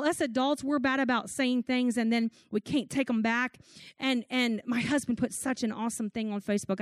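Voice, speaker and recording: A woman's voice: high voice, no echo. A middle-aged woman, preaching a sermon in an earnest storytelling way. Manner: earnest storytelling with church-talk and restarts.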